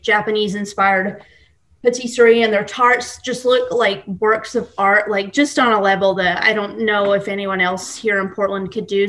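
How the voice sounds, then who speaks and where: Young woman, podcast guest, chatty, rambling, lots of fillers, relaxed casual talk. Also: mid-range voice. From Scotland, raised in Texas. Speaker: guest baker. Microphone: computer mic at home.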